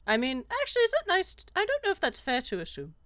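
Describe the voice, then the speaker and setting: A woman talking animatedly as a player in a tabletop role-playing game, with quick asides and frequent laughter. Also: high voice, huge pitch swings, fairly bright tone. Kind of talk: casual tabletop role-play.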